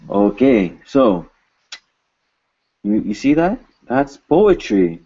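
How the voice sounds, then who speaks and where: A man teaching a recorded language lesson in an informal, joking way, saying example words slowly and more than once. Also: fairly low pitch, sing-song, dark tone, breathy edge, muffled recording.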